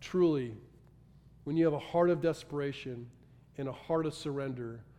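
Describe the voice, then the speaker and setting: A man preaching a sermon with passion, moving between loud urgency and hushed intensity. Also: fairly high pitch, moderate pace. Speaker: pastor. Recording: long hall reverb.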